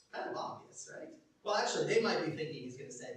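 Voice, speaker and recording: A man preaching a sermon as pastor, telling stories animatedly, acting out quotes and dropping from loud to hushed. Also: a little high, lively intonation, quick pace, few pauses. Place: church. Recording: echoey church hall from far off.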